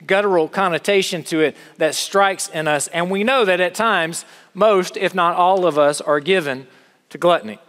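A middle-aged man preaches in a church, his fairly high voice carrying with a long hall reverb. He explains scripture earnestly and slips in small touches of dry humor. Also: a bit bright. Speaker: pastor. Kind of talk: sermon.

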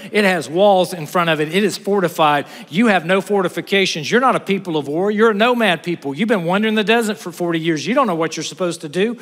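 A man's voice: high voice, fairly bright tone. A male pastor, preaching a sermon that shifts between intense build-ups and casual asides. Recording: long hall reverb.

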